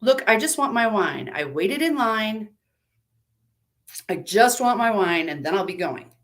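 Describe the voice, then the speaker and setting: A woman's voice: mid-range voice, sing-song, measured pace. A woman playing a furious, worn-out woman at breaking point. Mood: angry. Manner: clipped, bitter, rising to shouting. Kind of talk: live story reading.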